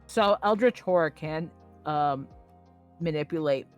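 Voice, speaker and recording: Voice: medium pitch, measured pace, faint music behind. A streamer guest chatting casually, joking crudely and playfully. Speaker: collab guest.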